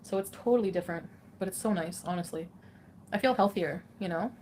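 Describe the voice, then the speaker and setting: A woman's voice: on the low side, a little fast, darkish tone, a little hiss or hum. Giggly rambling woman streamer. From Canada. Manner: rambling, giggly, lots of fillers. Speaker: livestreamer. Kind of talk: casual livestream chat.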